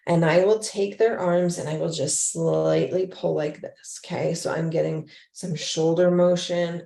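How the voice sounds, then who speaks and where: A woman's voice: fairly low pitch, echoey room. A woman who teaches adaptive yoga, talking casually to other teachers and acting out how she speaks with her students. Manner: warm, acts out her talks with students, drops to a whisper. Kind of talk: casual talk to fellow teachers.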